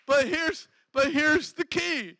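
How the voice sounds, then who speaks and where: High, gravelly-voiced excitable male preacher. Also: dry recording, rough recording. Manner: energetic, laughs often, exclaims praise. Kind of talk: lively sermon.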